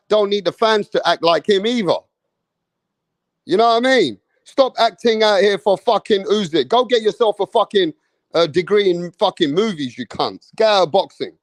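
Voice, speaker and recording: A man's voice: sits high, no room sound. A man giving an angry, mocking, profane rant about a boxing match, full of slang. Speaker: boxing commentator.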